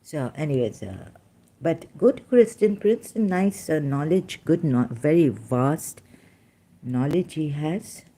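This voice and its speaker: A woman's voice: deep voice, animated, slow pace, warm tone. A woman giving casual solo commentary while reading scripture aloud, emotional and rambling, often breaking off mid-thought to correct herself. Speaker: religion commentator.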